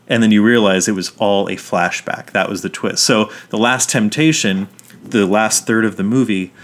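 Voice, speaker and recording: A man co-hosting a casual podcast, telling movie stories with energy, swearing freely and acting out quotes. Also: lowish voice. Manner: animated storytelling, swears freely, acts out quotes. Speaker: podcast co-host.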